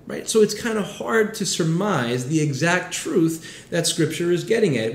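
Male pastor, 30s, lively conversational preaching, roomy echo, faint background noise. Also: medium pitch. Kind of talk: sermon. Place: city setting with background street noise.

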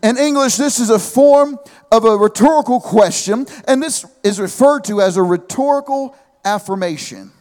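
A man in his thirties preaching a sermon with an animated delivery, humorous asides and calls of amen. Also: very high voice, moderate pace, big-room sound.

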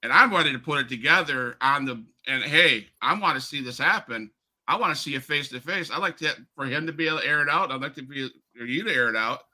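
A man's voice: mid-range voice, quick pace, pushed and bright. A man hosting a wrestling podcast, asking long rambling questions and stirring up rivalries. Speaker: podcast host. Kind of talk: podcast interview.

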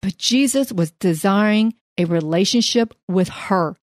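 A woman's voice: mid-range voice, a little slow, dry recording, studio quality. Earnest woman teaching scripture. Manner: earnest, animated storytelling. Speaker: podcast co-host. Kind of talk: faith podcast chat and Bible teaching.

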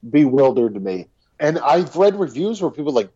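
A husky man riffs on a podcast about a movie that baffled him, swearing and laughing in disbelief. His voice swings widely in pitch, and the recording sounds dull and lo-fi. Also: big pitch swings, normal speed, mellow. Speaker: podcast co-host. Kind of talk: casual movie review chat.

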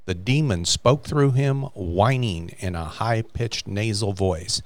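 A man's voice: on the low side, slow, no room sound. A man co-hosting a faith podcast, earnestly retelling a story from a book in casual chat. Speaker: podcast co-host.

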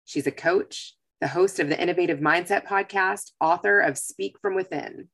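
A woman's voice: lowish voice, normal speed, creaky, a bit bright. A woman hosting a podcast, introducing her guest in an upbeat, playful way. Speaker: podcast host. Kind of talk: interview hosting.

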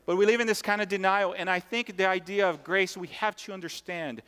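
A man's voice: sits high, steady tone, fairly quick, fairly bright tone, clean tone. A man preaching a sermon as pastor, emphatic and conversational, repeating key points and tossing asides to the congregation. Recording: long hall reverb.

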